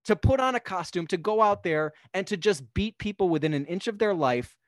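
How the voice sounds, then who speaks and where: A young man on a podcast, casually talking through a film in a rambling, animated way. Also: sits high, brisk, no room sound, clean studio sound. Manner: rambling, animated, acts out characters' lines. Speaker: podcast guest.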